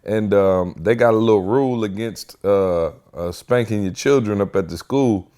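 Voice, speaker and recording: A young man hosts a podcast in a relaxed, conversational way. His voice sits on the low side, and he tells stories with plenty of energy, slipping into other people's voices as he goes. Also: moderate pace. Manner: animated storyteller, acts out voices. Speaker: podcast host. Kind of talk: casual chat.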